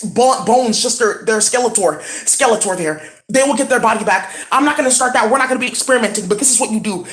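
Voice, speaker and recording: A woman's voice: fairly high pitch, roomy sound. A woman talking in a rambling, intense way in a casual home vlog as a spiritual reader. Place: at home indoors.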